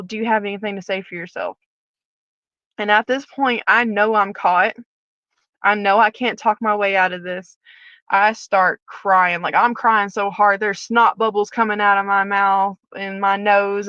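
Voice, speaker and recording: A woman's voice: medium pitch, no echo. Woman telling her story with a slightly dull sound. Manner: animated retelling, acting out dialogue. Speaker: guest, former prison officer. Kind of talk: candid personal storytelling.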